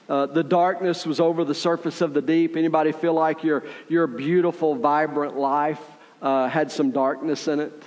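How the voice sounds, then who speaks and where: A man's voice: a little high, a little mellow, long reverb tail. A man preaching a sermon in a conversational way, often checking in with "right?" as he goes. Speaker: pastor.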